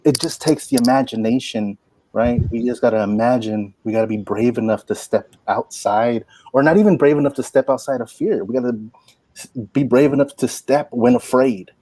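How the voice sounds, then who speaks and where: A man in his forties, a poet and workshop teacher, telling stories in an animated, folksy way full of "like" and "you know". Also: medium pitch, moderate pace, dry recording. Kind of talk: inspirational storytelling talk.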